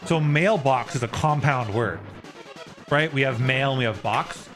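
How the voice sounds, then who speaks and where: A man's voice: mid-range voice, a little slow, a bit bright, faint music behind. A young man streaming live, casually explaining a topic and answering his viewers' chat.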